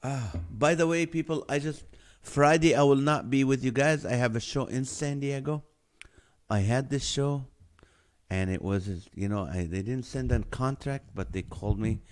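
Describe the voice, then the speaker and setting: A man's voice: medium pitch, normal speed. A man hosting a live stream, reading viewer names and guesses aloud and laughing often.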